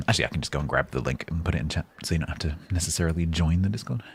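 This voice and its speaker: A man chatting calmly on a game livestream, rambling with fillers and restarts. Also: very deep voice, very fast, husky. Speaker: game streamer. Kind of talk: casual livestream chat.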